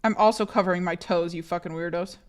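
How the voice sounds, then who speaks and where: Young female streamer, sick and hoarse, casual and blunt, swears freely, restarts sentences a lot. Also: fairly low pitch, fairly even intonation, fast talker. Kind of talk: casual chat reading a live chat.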